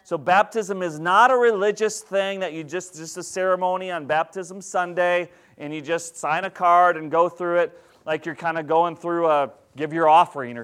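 A man preaching as pastor, teaching in a conversational, animated way and asking the congregation questions. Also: high voice. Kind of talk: sermon.

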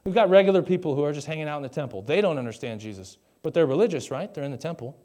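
A man's voice: a little high, animated, racing, dark tone. Casual man preaching a sermon. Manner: conversational, jokey asides, asks the audience questions. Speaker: pastor.

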